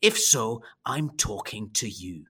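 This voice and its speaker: A man's voice: expressive, slow pace, sharp tone, breathy edge, heavily acted. A man putting on a Scottish accent as a business coach reading a salesy advert. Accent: Scottish, put on. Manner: salesy, earnest pitch.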